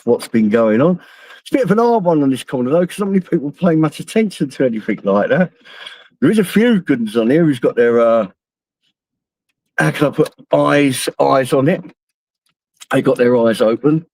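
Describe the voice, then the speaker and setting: Swearing Londoner chatting while driving. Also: male voice, a little high, a little mellow, dry recording, rough recording. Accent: London English. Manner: rambling, heavy swearing, laughs at own stories. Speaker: live streamer. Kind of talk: casual live-stream chat while driving. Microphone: phone.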